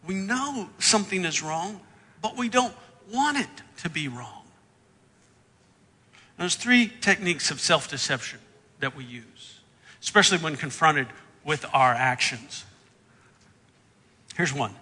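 A man preaches a sermon with a high, bright voice. He reads scripture and gives the characters' lines with dramatic jumps in pitch and loudness. The sound carries a long reverb from a large hall. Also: animated, a little slow, pauses often, husky. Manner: acts out the Bible characters' lines with big swings in pitch and volume. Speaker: pastor.

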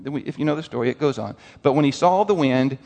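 A man preaching a sermon in an animated way, asking the congregation questions. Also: medium pitch, quick pace, big-room sound. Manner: animated, asks the crowd questions, lively quoted voices.

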